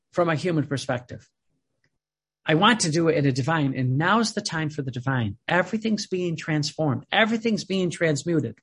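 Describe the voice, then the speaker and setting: Husky, high-voiced male preacher. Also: animated, moderate pace. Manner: earnest, emphatic, swings between loud and soft. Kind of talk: sermon reading and commenting on devotional texts.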